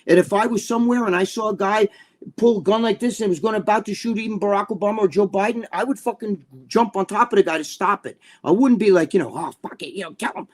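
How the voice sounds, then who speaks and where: Profane ranting man, high voice. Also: quick pace. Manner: ranting, profane, repeats himself, acts out quoted people. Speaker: podcast co-host. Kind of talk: heated casual chat.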